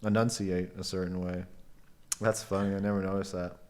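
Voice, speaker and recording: A man's voice: deep voice, little pitch movement, moderate pace, a little mellow, a little hiss or hum. A man co-hosting a podcast, chatting casually in a playful, teasing way. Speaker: podcast co-host. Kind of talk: casual chat.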